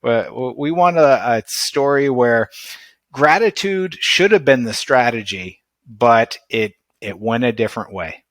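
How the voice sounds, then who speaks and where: A man's voice: mid-range voice, lively intonation, a little slow, a bit bright, no room sound. A man hosting a coaching podcast, asking his guest questions and reflecting thoughtfully on the answers. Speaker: podcast host and performance coach.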